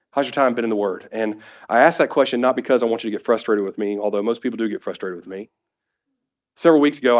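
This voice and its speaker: A man who is a pastor, preaching a sermon that swings between emphatic exhortation and soft, conversational asides. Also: mid-range voice.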